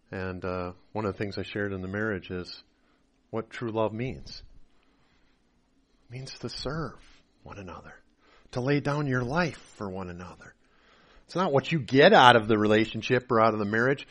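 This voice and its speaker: A man preaching a sermon as a pastor, swinging between loud emphatic lines and quiet confessional asides, acting out the people he quotes. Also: fairly low pitch, expressive, normal speed, pauses often. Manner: acts out voices of people he quotes.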